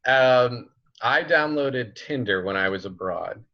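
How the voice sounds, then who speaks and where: A man in his twenties telling a story as a guest on a casual podcast, chatty and relaxed, full of fillers like "like" and "you know". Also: medium pitch, takes it slowly. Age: 20s. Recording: slightly muffled lo-fi recording.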